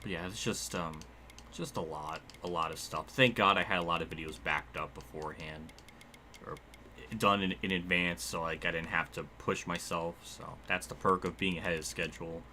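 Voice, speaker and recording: A young man casually talking through a racing game livestream, excitable, laughing often and quick to swear. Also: low voice, slight background noise.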